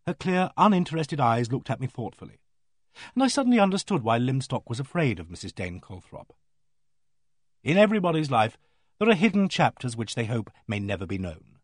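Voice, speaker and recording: Man, audiobook narrator, husky, lively intonation, dry close sound, measured. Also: medium pitch, no echo. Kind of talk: first-person novel narration.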